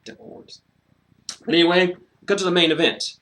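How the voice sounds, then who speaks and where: Bright-voiced sarcastic man reviewing wrestling. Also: sits high, a little fast. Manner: animated, sarcastic, swears freely, frequent fillers. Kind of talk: casual solo review commentary.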